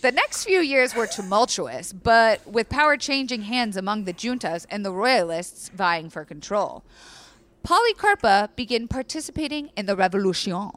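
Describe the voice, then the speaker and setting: A woman's voice: mid-range voice, lively intonation, moderate pace, fairly bright tone, a little hiss or hum. A woman, a guest author, reading history aloud on a podcast and breaking off into profane, joking asides. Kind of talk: casual podcast storytelling.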